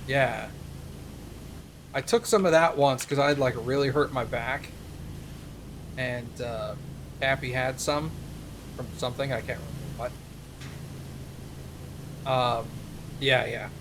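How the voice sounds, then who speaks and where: A man's voice: mid-range voice, fairly even intonation, slow pace, gravelly, pauses often, noisy background. Rambling man telling a story. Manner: rambling anecdote with many fillers. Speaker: streamer. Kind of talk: casual storytelling chat.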